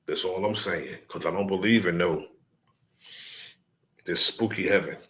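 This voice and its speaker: Male organizer, slow measured delivery, preaching cadence, lower voice. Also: a bit bright. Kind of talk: casual address to followers.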